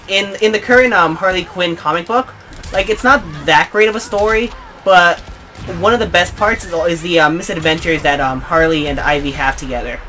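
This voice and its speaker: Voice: mid-range voice, pushed and bright. Rambling let's play gamer. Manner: rambling, with many fillers and asides to viewers. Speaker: gaming channel host. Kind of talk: casual let's play commentary. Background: game sound.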